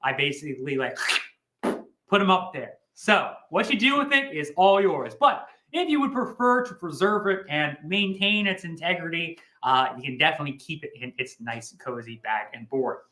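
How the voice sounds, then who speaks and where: A man hosting a livestream, pitching comic books in a chatty, rambling way with jokey asides. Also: expressive, normal speed, bright, forceful tone, roomy sound, poor audio. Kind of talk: casual sales pitch chat.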